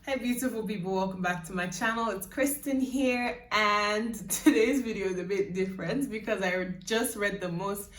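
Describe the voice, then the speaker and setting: A woman's voice: mid-range voice, normal speed, hardly any pauses. A young woman vlogging in casual chat, her accent shifting between Nigerian and British, rambling and laughing often. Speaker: YouTuber. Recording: roomy, mic at a distance.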